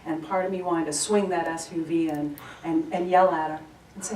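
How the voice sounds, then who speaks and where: A woman's voice: fairly low pitch, normal speed, darkish tone. A woman leading a spiritual gathering, giving announcements and telling a heartfelt personal story with earnest feeling. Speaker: service leader giving announcements. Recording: echoey room, from far off, faint noise.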